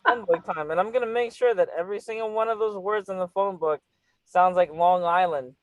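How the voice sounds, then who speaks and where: A man's voice: high voice, fast, no echo, low-quality recording. A man hosting a casual, flirty interview, teasing his guest and laughing often. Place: California.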